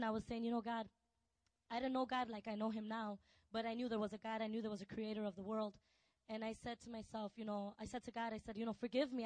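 A woman telling a personal testimony, soft and hesitant with many fillers, turning intense. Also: a little high, no echo, poor audio. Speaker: testimony speaker.

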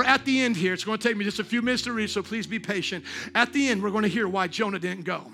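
A high-pitched man delivers a church sermon, bright and sharp in tone. He swings from hushed, confiding lines to impassioned shouts and questions his congregation directly. Soft music plays underneath. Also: fast. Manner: passionate preaching that swings from quiet to shouting. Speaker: pastor. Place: church service.

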